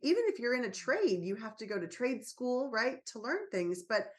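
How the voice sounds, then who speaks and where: A woman's voice: on the high side, sing-song, moderate pace. A woman, a parenting author and guest on a podcast, talks in an earnest, reassuring way and tells stories from her own life as a mother. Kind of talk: casual podcast conversation.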